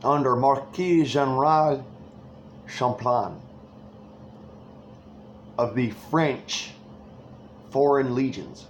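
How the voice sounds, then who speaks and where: A man's voice: medium pitch, drawn-out words, long pauses, muffled recording, slight background noise. A man delivering an angry, rambling political rant full of swearing.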